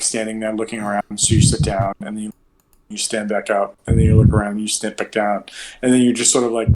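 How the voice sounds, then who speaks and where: A man's voice: fairly low pitch, noisy background. Casual male game master on a call. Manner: casual, lots of "like" fillers. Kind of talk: narrating a tabletop game. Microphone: video call.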